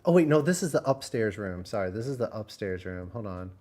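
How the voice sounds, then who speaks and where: A man's voice: fairly low pitch, sing-song, brisk, darkish tone. A man from Texas streaming and telling a rambling travel story in casual chat, full of fillers.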